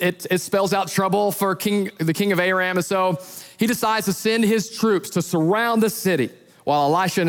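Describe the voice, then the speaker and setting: A male pastor preaches in a light, high-pitched voice, telling stories with lively acted-out voices. His words ring with the long reverb of a large church hall. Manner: animated storyteller who acts out voices in his retellings. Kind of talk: sermon.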